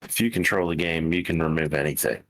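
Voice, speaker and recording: A man's voice: very deep voice, fast talker, a bit bright, no echo. A man chatting during a co-op game with laid-back, dry remarks. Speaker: co-op player. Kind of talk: casual game chat.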